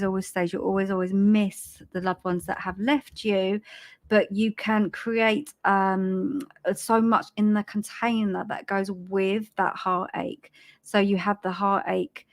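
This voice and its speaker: A British woman of middle age doing a live psychic reading, her voice soft and soothing at an ordinary middle pitch. She talks in a halting, chatty way, full of ums and little restarts, as if searching for the words. It sounds like a casual live stream picked up on a webcam mic. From Britain. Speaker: spiritual medium giving live readings.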